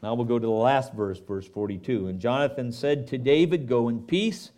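A man preaching a sermon as pastor, reading scripture aloud and breaking off for lively asides to his congregation. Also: medium pitch, normal speed.

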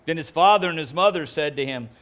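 A man preaching a sermon, delivering jokes in an animated, playful way before reading scripture. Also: fairly high pitch, fast talker. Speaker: pastor.

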